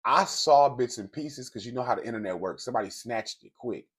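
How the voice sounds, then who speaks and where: A man's voice: mid-range voice, brisk, slightly rough. A man telling a gossip story straight to his viewers, in a casual, blunt and profane way. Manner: speaks directly to viewers. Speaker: commentary host. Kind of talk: casual celebrity gossip commentary.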